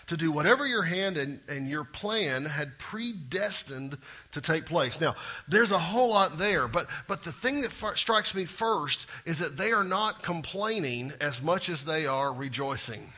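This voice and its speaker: A middle-aged pastor delivers a lively sermon. His voice is strikingly bright and a touch high for a man. He drops to soft asides and then lifts into loud, animated exclaiming.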